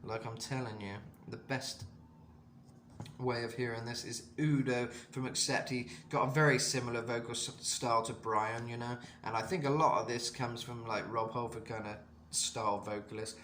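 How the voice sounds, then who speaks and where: A vocal coach gives a casual singing lesson, explaining technique in loose, rambling talk packed with fillers. His medium-pitched voice is a bit bright, with fairly even intonation and normal speed. The room sounds spacious, with slight background noise.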